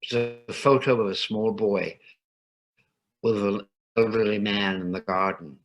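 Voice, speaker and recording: A man reading a ghost story aloud in a calm, measured narration. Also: fairly low pitch, poor audio.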